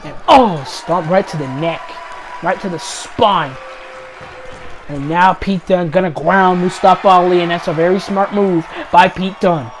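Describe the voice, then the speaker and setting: A man with a very high-pitched voice calls wrestling action play-by-play over a video game. He gets loud and excitable on the big moves and repeats each call for emphasis. A faint arena crowd and light noise sit in the background. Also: measured pace. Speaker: YouTube gaming channel host.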